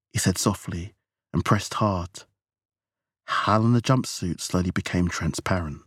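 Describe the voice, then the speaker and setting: A man narrating a novel with measured, even storytelling. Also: low-pitched, slightly rough, no room sound, studio quality. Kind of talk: audiobook narration.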